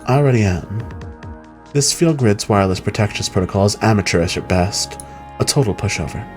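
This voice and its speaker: A man's voice: lowish voice, lively intonation, fairly quick, soft background music, lightly acted. A man voicing a wry, knowing woman hacker as he reads game dialogue aloud, with a dry, arch delivery.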